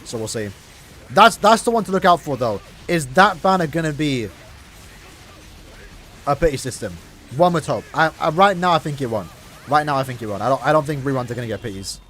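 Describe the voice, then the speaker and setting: A young Irish streamer chats casually with his viewers while playing a mobile game, rambling, restarting sentences and talking to chat. His mid-range voice is animated, fairly quick and fairly bright, with soft music in the background.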